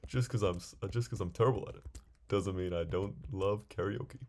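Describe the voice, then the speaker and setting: Gravelly, low-voiced gamer rambling. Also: male voice, brisk, darkish tone, slight background noise. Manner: rambling, chatty, talks to himself while playing. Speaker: gaming video creator. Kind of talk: casual gameplay commentary.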